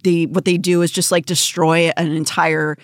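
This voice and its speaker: A woman's voice: lowish voice, little pitch movement, moderate pace, dry recording, studio quality. A young woman hosting a podcast in casual chat, blunt and swearing freely, often laughing. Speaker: podcast host.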